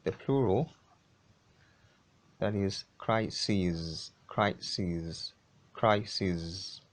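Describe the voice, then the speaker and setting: Male English teacher, low voice, very slow drilling delivery, repeats every word. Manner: slow, repeats each word several times. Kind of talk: pronunciation lesson.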